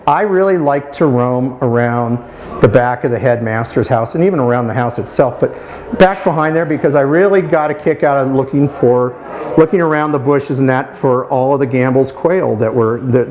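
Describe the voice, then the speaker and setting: A man's voice: medium pitch, a little mellow. A man in his fifties answering interview questions as a former student, talking fondly with many restarts and fillers. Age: 50s. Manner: halting, with many restarts and "you know" fillers; fond, admiring. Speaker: alumnus interviewee.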